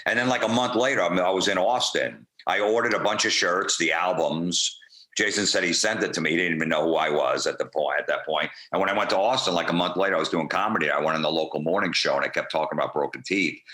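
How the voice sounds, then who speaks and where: A comedian being interviewed, telling rambling, profane, laid-back anecdotes in a casual way. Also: male voice, sits low, fast talker, sharp tone, reverberant. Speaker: comedian guest.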